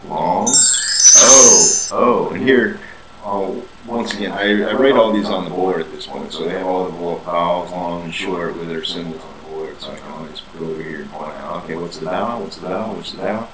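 A man's voice: sits low, fairly even intonation, brisk, roomy sound, a loud crowd, rough recording. A man, an English teacher, casually walking through a lesson plan and repeating vowel sounds as a drill.

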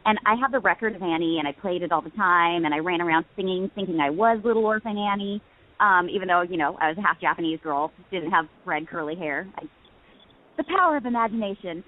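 A woman in her thirties with a lowish voice talks at a quick pace over a phone line. She's a guest actress calling in to a casual interview, a bubbly storyteller who laughs often.

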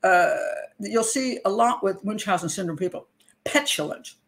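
A woman host telling a true story to her viewers in a casual monologue. Her pitch sits in the middle, and she slips in laughs as she goes. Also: moderate pace. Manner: chatty, laughs often, acts out quotes. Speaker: criminal profiler and show host.

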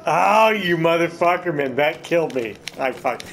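A man's voice: a little high, expressive, normal speed, a bit bright, slight background noise. A man giving casual, profane gameplay commentary, laughing often and trash-talking his opponents.

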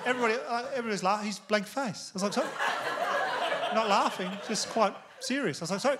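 A man's voice: sits high, animated, very fast, very noisy. Laid-back Australian comedian, laughing as he talks. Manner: laid-back, laughing through his lines. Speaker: stand-up comedian. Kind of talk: stand-up comedy set.

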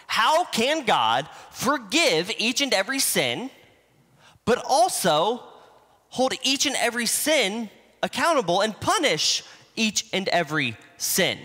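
A man with a high, bright, forceful voice preaches a sermon in a church sanctuary, livestreamed from a reverberant hall. He teaches conversationally, using homespun examples.

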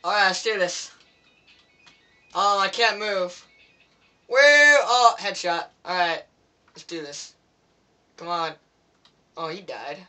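A man's voice: high voice, bright, forceful tone. A teenage boy commenting on his own gameplay, swearing and pleading with the game in frustration. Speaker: gameplay video maker.

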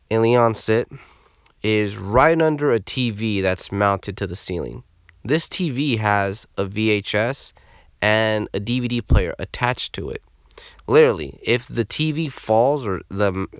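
A man telling a story from his school days in a casual, profane and animated way. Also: on the low side, no echo.

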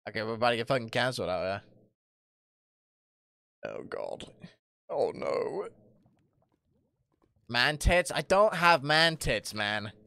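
A young male streamer chatting loosely over his gameplay, his voice leaping up and down in pitch as he jokes at his own expense and swears freely. He laughs loudly and often between lines. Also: very animated, takes it slowly, gravelly, long pauses, clear, resonant tone, no room sound. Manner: jokey, self-mocking, swears a lot, bursts into loud laughs. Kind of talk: casual live-stream chat, reading chat aloud.

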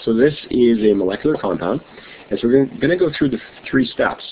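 A man's voice: mid-range voice, very animated, fast talker. Middle-aged man, chemistry teacher, online class lesson, friendly and chatty, tinny phone-like audio, faint hiss. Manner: friendly, chatty, reads notes aloud.

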